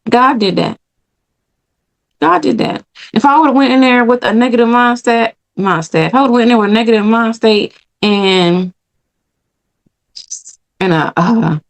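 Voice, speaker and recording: A woman's voice: fairly high pitch, normal speed, long pauses. A woman podcast host giving an earnest personal faith testimony, repeating phrases for emphasis.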